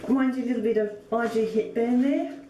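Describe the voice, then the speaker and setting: A woman's voice: a little high, brisk, warm tone, recorded from a distance, lo-fi sound, slight background noise. A woman sewing vlogger opening gifts on camera, gushing and full of exclamations. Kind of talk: casual vlog, opening gifts. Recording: echoey room, mic set back.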